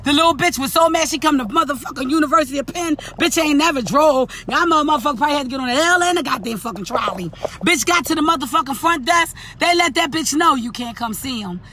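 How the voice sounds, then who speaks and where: A woman, stuffy from an allergy cold, telling a profane, animated storytime rant in her daily vlog segment, cussing and laughing at her own story. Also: sits high, quick pace, a little hiss or hum. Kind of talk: profane, ranting storytime monologue.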